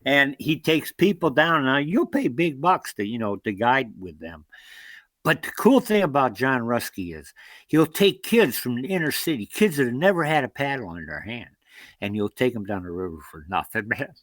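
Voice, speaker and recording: A man's voice: medium pitch, moderate pace, no room sound. An American man, a long-distance canoeist, telling rambling stories in an interview and acting out what people said. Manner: rambling, animated anecdotes with acted-out quotes. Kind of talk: storytelling interview.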